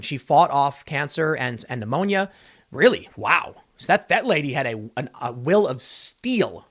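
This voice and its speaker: A man delivering an opinionated, sarcastic political commentary monologue, now and then mocking people in shrill impressions. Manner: animated, sarcastic, mocks others with shrill impressions.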